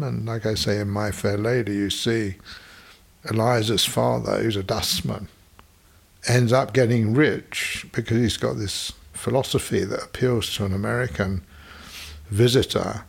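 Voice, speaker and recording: An older man reminisces in a low voice with a husky, gravelly grain. He tells his stories in a digressive, wry manner, drifting from one anecdote to the next like a seasoned podcast storyteller. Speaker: podcast storyteller recalling his business past. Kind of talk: reminiscing monologue.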